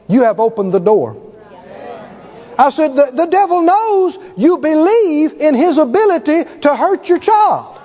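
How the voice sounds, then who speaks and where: A man preaching a sermon with emphatic delivery, acting out quoted voices and rising to shouts. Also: very high voice, animated, normal speed. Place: large church hall. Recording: lo-fi hall recording with audience. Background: congregation.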